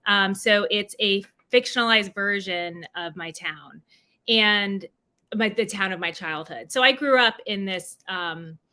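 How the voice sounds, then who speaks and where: Woman, author interview, from New Jersey, bright tone, lots of um and restarts, video call audio. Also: mid-range voice. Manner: halting, many fillers and restarts. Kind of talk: livestreamed book event conversation.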